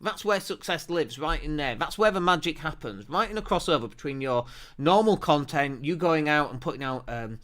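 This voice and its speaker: A man hosting a marketing show, talking straight to a desk camera. His voice sits high and rings bright and forceful. He presses his points home with energetic emphasis. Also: moderate pace. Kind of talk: to-camera business talk.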